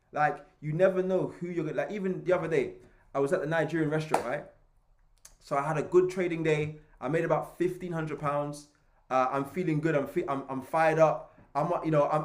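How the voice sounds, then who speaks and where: Excitable man telling a story. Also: a little high. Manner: excitable storyteller, repeats words and restarts a lot. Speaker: motivational speaker. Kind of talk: casual motivational talk.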